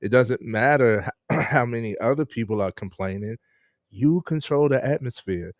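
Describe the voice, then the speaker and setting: A man's voice: medium pitch, normal speed, no echo, studio quality. A man hosting a casual live-stream interview, laid-back and laughing often as he greets viewers. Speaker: host.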